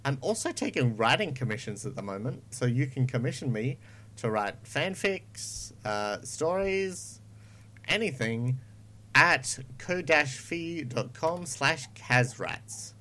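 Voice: mid-range voice, expressive, takes it slowly, pushed and bright. A podcast host, chatting breezily through a show's sign-off. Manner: chatty, breezy self-promotion. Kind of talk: casual podcast outro.

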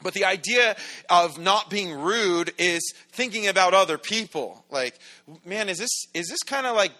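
A man's voice: high voice, lively intonation, normal speed, pushed and bright. A middle-aged man preaching a casual, conversational sermon as a pastor, full of asides and rhetorical questions.

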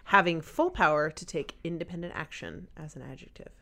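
A woman's voice: low-pitched, a little fast, creaky, pushed and bright. A woman co-hosting a casual podcast who drops in dry jokes and short reactions. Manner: dry joking interjections. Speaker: podcast co-host. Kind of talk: casual chat.

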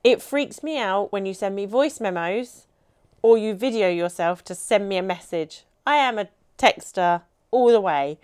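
A woman's voice: mid-range voice, animated, normal speed, a little mellow, smooth. A woman co-hosting a podcast, talking in a chatty, rambling way and laughing often. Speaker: co-host. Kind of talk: casual podcast chat.

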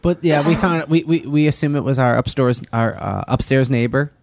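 A man's voice: mid-range voice, steady tone, a little fast, vocal fry, a little mellow. A young man co-hosting a podcast, telling a story in a laid-back, casual way, full of "dude" and "yep". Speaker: podcast co-host.

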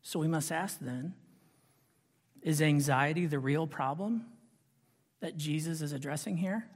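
A man's voice: fairly high pitch, unhurried, in a large hall. A male pastor preaching a sermon, with rhetorical questions and rising intensity.

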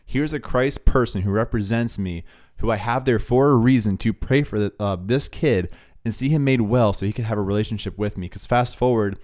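A young man telling a faith story in a relaxed, casual way, with lots of "dude" and "like" as he talks. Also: fairly low pitch, fairly quick. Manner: laid-back, says "dude" and "like" a lot. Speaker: podcast co-host.

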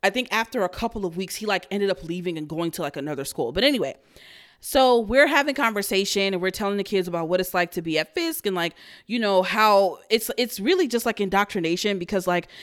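A woman in her thirties hosting a podcast, telling a story in a blunt, profane way that breaks into loud outrage. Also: medium pitch, animated, brisk. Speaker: podcast host. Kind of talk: casual storytelling rant.

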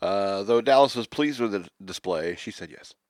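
A man's voice: fairly low pitch, lively intonation, moderate pace, darkish tone, no echo, clean studio sound. A man co-hosting a casual chat show, reading news stories aloud and joking between them. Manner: jokey, reads stories aloud with asides. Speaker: podcast co-host.

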